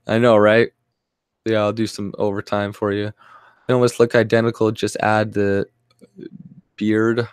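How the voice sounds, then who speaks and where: A man's voice: lowish voice, expressive, measured pace, pauses often, clear, resonant tone, no echo, studio quality. A man from Canada ranting angrily on his channel, rambling and swearing with many fillers and restarts. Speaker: vlogger. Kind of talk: profane ranting monologue.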